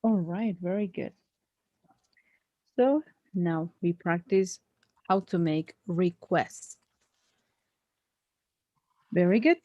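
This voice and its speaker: A woman tutors English one-on-one, correcting gently and with patience. Her voice sits low and moves slowly. The sound is dry and a little dull, like lo-fi call audio. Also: dry recording. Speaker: English teacher. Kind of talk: one-on-one online English lesson.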